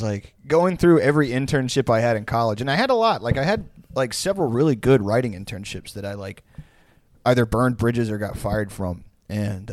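A man's voice: mid-range voice, no room sound, studio quality. A young man, telling rambling, profane stories as a podcast co-host in casual chat. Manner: laid-back, profane, rambling storyteller.

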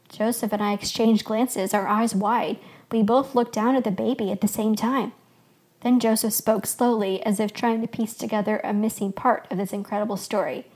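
Woman host, storybook narration, calm steady delivery, slightly high pitch. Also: normal speed, breathy edge. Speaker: podcast host.

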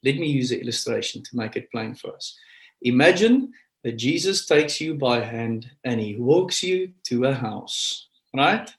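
A man preaching a sermon as pastor, with an emphatic, animated delivery. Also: fairly high pitch. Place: church. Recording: echoey church room.

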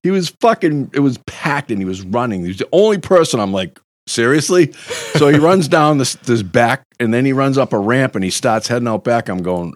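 A man telling a profane, animated story among friends, acting out the quotes. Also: medium pitch, fairly quick, few pauses, no room sound, studio quality.

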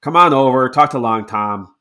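A man voicing a suspicious, ragged male halfling soldier who talks in a gruff, brusque way. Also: mid-range voice, normal speed, pushed and bright, lightly acted. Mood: insistent.

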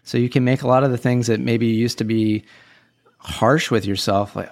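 A man's voice: mid-range voice, fairly even intonation, normal speed. Upbeat encouraging male podcast host. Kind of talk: casual self-help talk.

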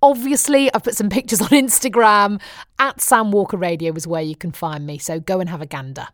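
A woman's voice: mid-range voice, steady tone, brisk, no room sound, studio quality. Wry middle-aged British woman storyteller. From Britain. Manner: wry, chatty storytelling with frequent laughs. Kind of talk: chatty personal diary monologue.

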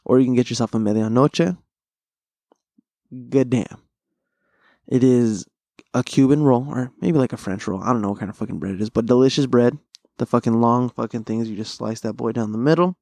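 A man's voice: mid-range voice, moderate pace, long pauses, mellow, dry recording. A young man hosting a solo podcast, telling rambling, profane, slang-heavy food stories. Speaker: podcast host. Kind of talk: casual solo podcast monologue. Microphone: close studio mic.

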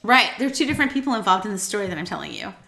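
A woman's voice: medium pitch, sing-song, racing, gravelly, sharp tone. A young woman hosting a podcast, telling a true crime story in a playful, teasing way and quizzing her co-host. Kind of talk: casual storytelling chat. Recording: echoey room with faint noise.

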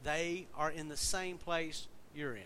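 A man preaching a sermon in a relaxed, conversational way, checking in with his listeners with questions as he goes. His voice sits slightly high. A faint low rumble hums behind him. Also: measured pace. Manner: conversational, asks the congregation questions. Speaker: pastor.

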